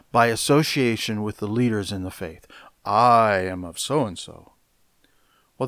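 Male preacher, mid-pitched, slow measured teaching, dry close recording. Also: no echo. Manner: deliberate, measured, explaining word by word with emphatic stresses. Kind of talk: expository Bible teaching.

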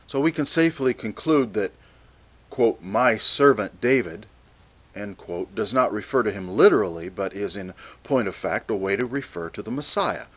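A man preaching a Bible teaching sermon, measured and deliberate, reading scripture passages aloud. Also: fairly low pitch, animated.

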